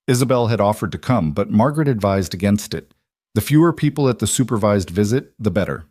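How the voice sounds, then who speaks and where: A man reading a dramatic story aloud in a steady, measured narration voice. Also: fairly low pitch, no room sound, studio quality.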